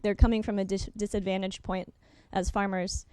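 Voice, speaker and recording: A young adult woman giving a workshop presentation over slides, talking quickly with frequent ums and uhs and correcting herself as she goes. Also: mid-range voice, little pitch movement, darkish tone, clear, resonant tone, dry recording.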